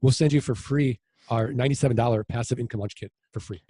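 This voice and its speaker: Mellow-voiced man telling animated anecdotes. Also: mid-range voice, fast talker, breathy edge, dry recording, studio quality. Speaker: land investor guest. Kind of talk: casual interview storytelling.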